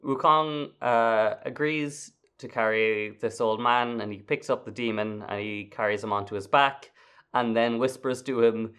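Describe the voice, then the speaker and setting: A man's voice: mid-range voice, fairly even intonation, unhurried, fairly bright tone, clear, resonant tone. A man co-hosting a podcast, retelling a story casually and wryly. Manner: laid-back, wry, laughs while retelling. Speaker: podcast co-host.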